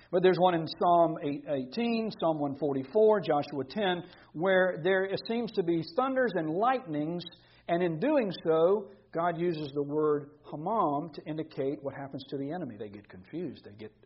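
A man's voice: a little high, moderate pace, slightly rough, dull audio. A man preaching an expository sermon, reading scripture aloud and explaining it with emphatic repetition.

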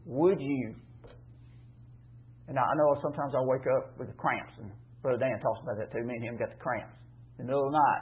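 A man's voice: mid-range voice, a little fast. A man teaching a Bible passage in a conversational sermon, emphatic and repetitive, asking rhetorical questions. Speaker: preacher teaching scripture. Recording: tinny phone-like line.

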